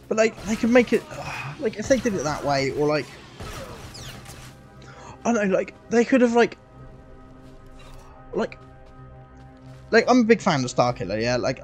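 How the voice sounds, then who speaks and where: A man with a medium-pitched voice streams casually, thinking aloud in an excited ramble packed with fillers and swearing.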